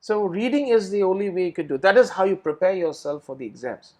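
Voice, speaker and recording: High-pitched and fast-talking, a middle-aged IELTS trainer teaches in a recorded Q&A session. He breaks explanations into steps, repeating words and starting phrases over often.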